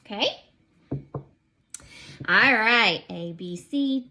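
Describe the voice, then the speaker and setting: A woman's voice: fairly high pitch, big pitch swings, unhurried, fairly bright tone. A woman teacher giving a recorded video lesson to young children, counting and spelling aloud in an encouraging, singsong way.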